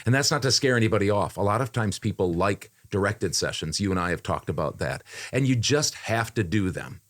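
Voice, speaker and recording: Low-voiced man in casual podcast chat. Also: lively intonation, a little fast. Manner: conversational, repeats phrases, frequent fillers. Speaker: voiceover artist.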